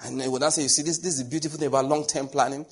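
A man's voice: medium pitch, rapid-fire, husky. A middle-aged Nigerian man preaching a sermon, telling stories and acting out the dialogue. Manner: animated storytelling, acting out dialogue.

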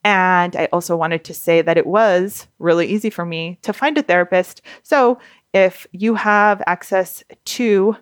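A woman's voice: lowish voice, unhurried, dry recording, clean studio sound. A young adult woman hosting a podcast, talking candidly in a chatty way with lots of fillers. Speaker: podcast host. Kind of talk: casual podcast monologue.

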